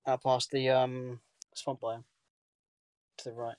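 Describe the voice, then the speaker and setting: A man's voice: mid-range voice, flat delivery, takes it slowly, darkish tone, clean tone, no echo. A man co-hosting a podcast in casual chat among friends. He talks loosely, stops and restarts often, and swears now and then. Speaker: podcast co-host.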